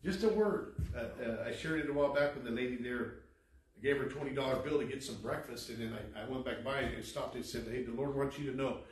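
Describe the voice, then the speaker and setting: A man's voice: mid-range voice, fast talker. Preaching man in an echoey church. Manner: preaching with rising emphasis, then softening to a hushed tone. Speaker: pastor. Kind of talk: sermon. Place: church sanctuary. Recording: echoey hall from far off.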